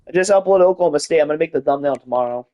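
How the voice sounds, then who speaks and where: A man with a fairly high voice gives casual commentary on a live game stream. He reads rosters and stats in a loose, tired drawl, then bursts into hyped announcer calls and cheerful swearing. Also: racing, mellow. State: tired, yawning. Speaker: gaming streamer.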